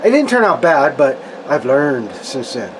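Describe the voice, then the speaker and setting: A man's voice: medium pitch, big pitch swings, unhurried, slight background noise, rough recording. A man talking casually to viewers while building scale models at his home workbench, rambling with restarts.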